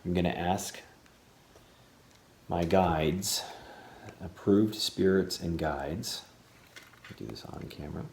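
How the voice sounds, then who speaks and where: A man with a very deep voice narrates a paranormal vlog at a slow, deliberate pace, at times calling out to unseen guides. The sound is echoey and roomy, as if recorded in a bare room. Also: creaky, a little mellow, a little hiss or hum. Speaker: paranormal investigator. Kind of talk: vlog narration and spirit session.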